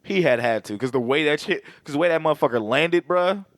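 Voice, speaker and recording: A rowdy, animated man with a fairly high voice that swings all over the place, swearing freely and cracking himself up. He talks close into a headset mic, with a dry sound and no room around it. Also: a little fast, no room sound. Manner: animated, swears constantly, laughs often. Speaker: podcast co-host. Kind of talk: casual profane movie chat.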